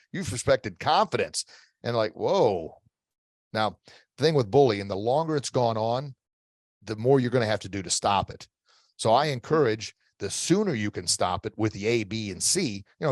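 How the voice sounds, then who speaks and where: A man's voice: mid-range voice, dry recording, clean studio sound. A middle-aged man speaking as a guest expert in an interview, giving emphatic motivational coaching advice with repeated phrases and frequent restarts.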